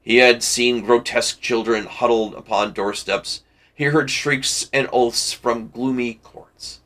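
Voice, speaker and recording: A man reading a classic novel aloud for a book club, measured and deliberate with occasional slips. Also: mid-range voice, fairly even intonation, fairly bright tone.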